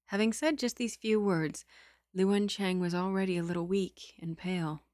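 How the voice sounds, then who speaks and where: A woman reads a novel aloud to her stream and slips into giggly, self-deprecating chat between passages. Her voice sits a little low and sounds close and dry. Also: moderate pace, darkish tone, no echo. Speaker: story reader and streamer. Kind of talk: reading a novel aloud with chatty asides.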